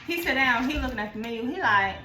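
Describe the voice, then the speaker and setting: A woman's voice: fairly high pitch, quick pace. A young woman vlogger telling a storytime in casual, profanity-laced talk, acting out what others said. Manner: animated, profane, acts out quoted dialogue. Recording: echoey room, faint music.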